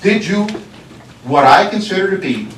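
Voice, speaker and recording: A man serving as county sheriff, addressing a board meeting in its chambers, speaking deliberately and accusingly and repeating phrases for emphasis. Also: high-pitched, very animated, a bit bright, slight background noise. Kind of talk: public address at a government meeting. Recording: echoey chamber, voice from far off.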